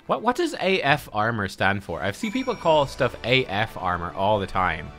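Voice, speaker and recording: A chatty male gaming streamer talking through his playthrough, swearing and laughing easily. His voice is bright and forward, rising and falling a lot, with faint game music behind. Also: fairly low pitch, sing-song, normal speed. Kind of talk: casual let's-play commentary.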